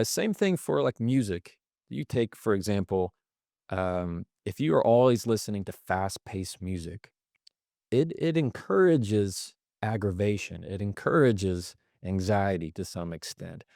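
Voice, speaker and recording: A man answering as a podcast guest, explaining in a measured way and acting out different tones of voice as examples. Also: fairly low pitch, creaky, a little mellow, no room sound, clean studio sound. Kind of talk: interview answers.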